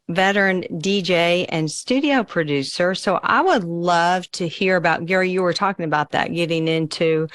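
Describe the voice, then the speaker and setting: A woman with a fairly low voice hosts a radio interview. She asks questions and affirms her guest with interest. Her sound is dry. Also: dry recording. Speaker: show host.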